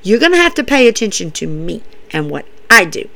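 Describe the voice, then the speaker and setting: A woman putting on the voice of a stern veteran man who quietly lays down the rules. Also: sing-song, a little fast, vocal fry, exaggerated voice. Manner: low, quiet, commanding.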